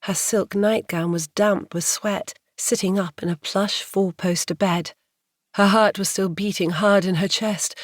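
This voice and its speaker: A woman narrating a romance audiobook in a measured, atmospheric way. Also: on the low side, no echo, clean studio sound. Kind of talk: scripted narration.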